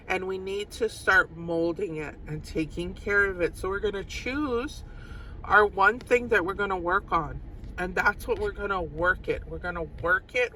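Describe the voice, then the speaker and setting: A woman's voice: mid-range voice, a bit bright, a little hiss or hum, low-quality recording. A woman giving a casual tarot reading to her viewers, chatty and giggly, repeating phrases for emphasis. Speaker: tarot reader.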